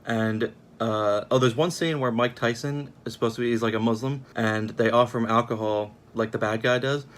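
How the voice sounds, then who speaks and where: A man's voice: mid-range voice, fairly even intonation, normal speed. A young man giving a casual, sarcastic film review, rambling at an uneven pace.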